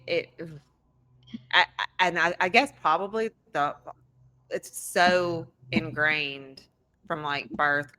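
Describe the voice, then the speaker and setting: A woman host who stops and restarts her questions, searching for words as she goes. Her voice is fairly low, yet bright and clear in tone. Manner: halting, restarting questions with many fillers. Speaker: podcast host. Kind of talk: podcast interview.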